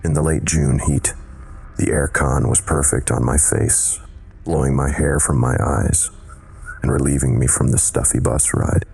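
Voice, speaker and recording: Deep gravelly horror narrator man. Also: fairly even intonation, a little mellow, faint music behind. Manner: measured, dramatic storytelling. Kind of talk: scripted narration.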